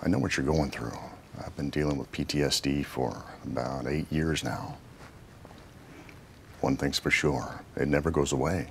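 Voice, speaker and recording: A deep gravelly sergeant major, gentle and encouraging, faint noise. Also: male voice, steady tone, normal speed. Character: supportive older male sergeant major living with PTSD.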